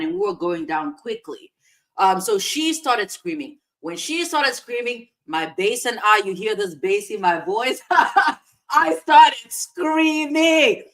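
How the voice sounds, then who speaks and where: A woman co-hosting a podcast, telling a story in a casual, animated way with big swings in loudness. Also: medium pitch. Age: adult parent of a young child. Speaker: podcast co-host.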